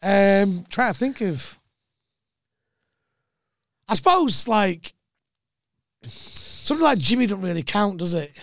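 Animated, high-voiced storytelling man. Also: slow, pauses often, no room sound, clean studio sound. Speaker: comedian guest. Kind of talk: casual podcast chat.

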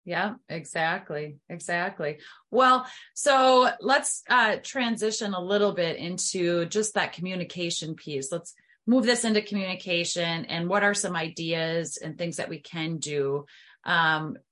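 A woman's voice: fairly low pitch, measured pace, fairly bright tone. A woman podcast host who asks questions and affirms her guest often. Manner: affirming, frequent mm-hmms. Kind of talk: conversational interview.

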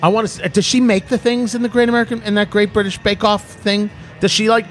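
He talks fast with hardly any pauses, his high voice holding a fairly even intonation. As a middle-aged podcast host running a casual tasting chat, he meanders, restarts his sentences, and jokes around.

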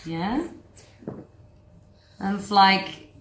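A woman's voice: mid-range voice, extremely slow, a little hiss or hum. Woman giving a blunt empowerment talk, lots of swearing, sounds like a roomy echoey space. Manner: frank and earthy, swears freely, animated. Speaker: women's empowerment coach. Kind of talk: workshop talk to a group. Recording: echoey room.

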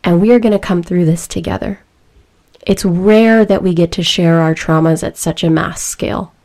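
A young adult woman giving a reflective, emotional personal talk, earnest and deliberate. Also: on the low side, fairly even intonation, a little mellow.

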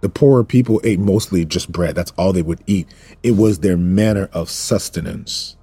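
Deep, husky man preaching informally. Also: normal speed, warm tone, dry recording. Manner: repetitive, emphatic, jokes and asides to viewers. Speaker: preacher teaching a Bible study. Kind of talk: informal sermon teaching.

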